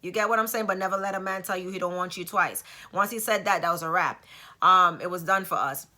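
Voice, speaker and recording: A woman talks straight to her viewers in a casual storytelling monologue. Her voice is bright and forward. She speaks emphatically and keeps turning to the listener with rhetorical asides. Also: lowish voice, a little fast. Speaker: vlogger.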